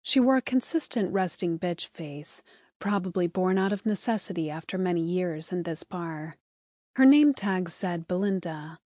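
A woman narrating an audiobook in smooth, even scripted storytelling, recorded close on a studio mic. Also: fairly low pitch, moderate pace, no room sound.

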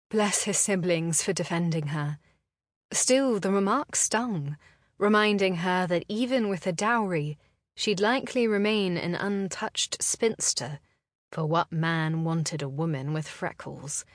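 Calm woman audiobook narrator, unhurried delivery, dry close-miked recording. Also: on the low side, no echo. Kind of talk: scripted narration.

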